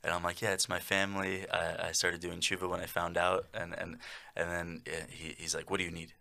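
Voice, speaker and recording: A young man with a very deep, gravelly voice and a bright, forward edge to it. He talks in a laid-back, casual way, often tossing in "bro" as he chats with friends. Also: flat delivery, brisk. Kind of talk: casual chat.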